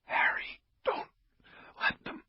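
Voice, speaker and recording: A man voicing a gravely wounded young female police officer who speaks in a faint, breathy whisper. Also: slow pace, dry recording, highs cut off, natural voice.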